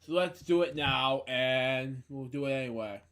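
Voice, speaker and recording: A man's voice: medium pitch, moderate pace, a bit bright. A tired, yawning man hosting a home video show, rambling through announcements and a casual wrap-up. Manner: rambling, listy delivery with frequent fillers.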